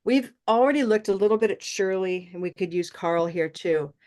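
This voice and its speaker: A woman teaching English pronunciation in a class, encouraging and modeling sounds slowly and repeating them. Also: medium pitch, a little mellow. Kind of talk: online class instruction.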